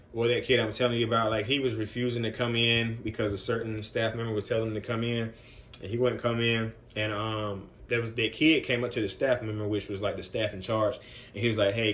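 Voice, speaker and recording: A man's voice: fairly low pitch, fairly bright tone. A man working as a group home counselor tells a story in a loose, conversational way, full of "man" and "you know". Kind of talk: casual storytelling vlog.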